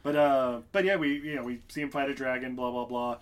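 A podcast co-host retelling a film plot in halting, filler-heavy casual chat. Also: medium pitch, steady tone. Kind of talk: casual movie recap chat.

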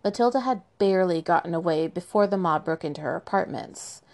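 Sarcastic woman with a gravelly low voice. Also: brisk, darkish tone. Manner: sarcastic, profane asides. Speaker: history podcast host. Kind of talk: irreverent history storytelling.

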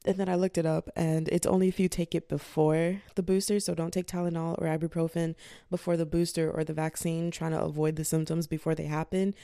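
A young woman in her twenties rambles to her podcast listeners from bed, sounding tired. Her voice sits low with a gravelly fry and a mellow, dark tone, and the sound is dry and close. She talks loosely and swears freely. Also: flat delivery, brisk, no room sound. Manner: loose, profane, acts out voices in quotes. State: fatigued. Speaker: podcast host. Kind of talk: casual chatty podcast monologue. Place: lying in bed indoors.

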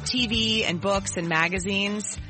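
A woman's voice: medium pitch, fairly even intonation, measured pace, over music. A woman in her thirties co-hosting a podcast, chatting with enthusiasm about shows she watches. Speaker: podcast co-host. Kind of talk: casual chat.

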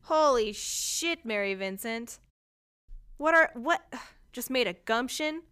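Loud, profane young woman co-host. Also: a little high, lively intonation, slow, clean tone. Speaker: podcast co-host. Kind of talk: casual true-crime chat.

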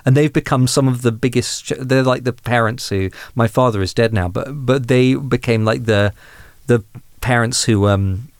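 A man in his thirties from England, a humanist chaplain, telling a personal story candidly in a podcast interview, self-deprecating and lively when amused. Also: mid-range voice, normal speed, few pauses, no room sound, studio quality.

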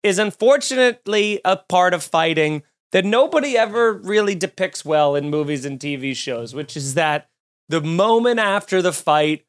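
A man hosting a comedy podcast, ranting in an animated, profane, mock-outraged way. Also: a little high, clean tone. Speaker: podcast host.

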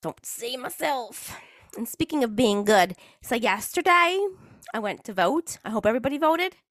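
A hockey fan vlogger chats casually in a slightly high voice with big pitch swings, a moderate pace, and a fairly bright tone. The studio-quality recording has no room sound, and she rambles along, poking fun at herself.

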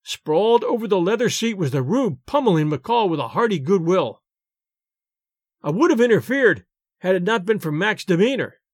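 Guy reading a story out loud, super animated, up high, dead dry recording. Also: moderate pace, no echo. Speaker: narrator. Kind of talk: audiobook reading of a short story.

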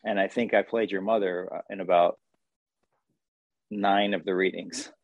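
A man's voice: low voice, fairly even intonation, moderate pace, no room sound, narrow, tinny audio. A man with a New Jersey accent, a guest chatting casually in a wry, rambling way. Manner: rambling, wry, full of fillers. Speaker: guest, actor and crew member. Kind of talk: casual interview chat.

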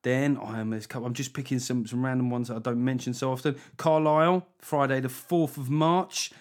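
A man with an English accent hosting a comedy podcast, sweary and mocking, tossing in quick jokey asides. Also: medium pitch, fairly even intonation. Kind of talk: casual comic podcast chat.

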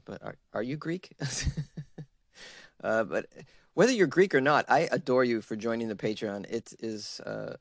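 Podcast guy rambling and joking around, mid-pitched, dry close sound. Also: dry recording. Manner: rambling, jokey, lots of fillers. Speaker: podcast host. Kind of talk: casual chat.

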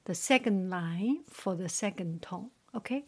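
Slow, soft-spoken woman drilling tones. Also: lowish voice, creaky, husky. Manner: soft, often whispered, repeats each word then translates. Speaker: Mandarin teacher. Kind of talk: slow tone-drill lesson, reading word pairs.

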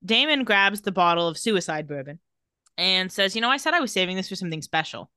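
Podcast host, woman, bright and forward voice, dry close recording, casual recap delivery. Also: mid-range voice, expressive, fast, smooth, dry recording. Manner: narrates scenes, quoting characters.

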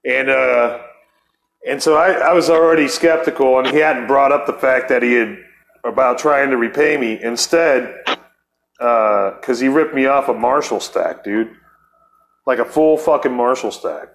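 A man's voice: mid-range voice, unhurried, creaky, a bit bright. Profane, rambling middle-aged man. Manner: profane, rambling, acts out quoted voices. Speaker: podcast host. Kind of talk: casual storytelling chat.

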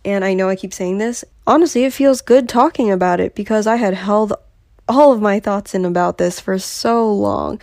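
A young woman talks openly and earnestly on her solo podcast, sharing her own experience. Her pitch sits in the middle of the range. The recording is dry, with no room sound. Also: moderate pace, a little mellow, no room sound. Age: young adult. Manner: candid, earnest and confessional. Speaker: podcast host.

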